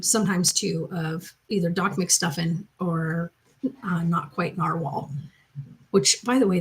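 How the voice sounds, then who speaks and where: A woman's voice: lowish voice, gravelly, low-quality recording. A woman hosting her channel from the loft of her home, chatting casually and rambling as she answers viewer comments. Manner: chatty, rambling, loose storytelling. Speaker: mother and channel host.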